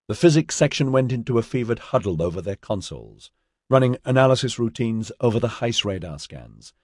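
A man narrating an audiobook in a measured storytelling manner, voicing all the characters. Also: on the low side, darkish tone, no echo, studio quality. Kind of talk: scripted narration.

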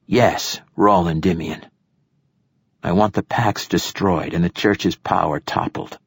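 A man voicing an ancient, frail male poet who is imperious and profane, with a rasping, snappish delivery. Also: sits low, takes it slowly, dry recording, heavily acted. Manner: snappish and formal.

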